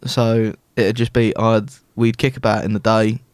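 A man's voice: fairly low pitch, moderate pace, clear, resonant tone, dry recording. Man telling stories, dry sound. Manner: animated storyteller who acts out quoted dialogue. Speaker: podcast co-host. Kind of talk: casual chat.

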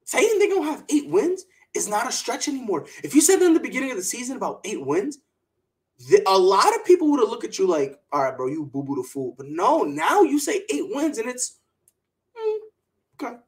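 Very high-pitched and brisk, a man hosts a sports podcast on a rough recording. He rants heatedly with strong opinions, staying animated and mocking others by quoting them in a put-on voice.

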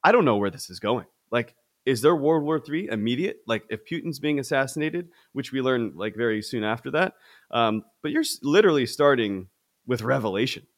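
Rambling, animated male podcast co-host. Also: medium pitch, normal speed. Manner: rambling, animated, many restarts. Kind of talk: casual film discussion.

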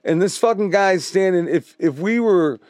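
A man's voice: high-pitched, lively intonation, normal speed, a little mellow. A man co-hosting a podcast, telling stories in a casual, profane way and laughing often. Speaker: podcast co-host. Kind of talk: casual chat.

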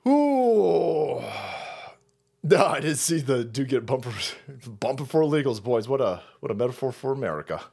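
A man ranting on a livestream, crude and mocking, whose voice leaps up and down in pitch as he flips between grumbling low and shouting high. He curses constantly and keeps dabbing at a bleeding nose. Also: animated, fairly quick, hardly any pauses, slightly rough. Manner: profane, mocking, loud swings into shouting. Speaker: streamer host.

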